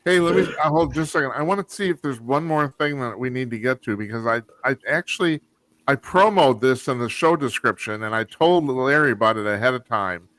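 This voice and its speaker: A man's voice: mid-range voice, expressive, a little fast, fairly bright tone, dry recording. A man hosting a call-in radio panel, loose and chuckling, with hesitant fillers. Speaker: radio talk show host.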